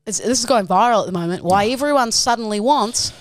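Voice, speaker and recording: Lively New Zealand woman, blunt banter. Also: a little high, fast talker, slight background noise. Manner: blunt, playful, sweary. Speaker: podcast co-host. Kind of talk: casual banter.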